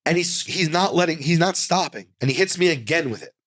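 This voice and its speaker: A man's voice: on the high side, brisk, dry recording. New guy telling a wild story in a studio, lots of restarts, dead dry mic. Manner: animated, with many restarts and acted quotes. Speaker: comedian guest. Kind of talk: casual storytelling.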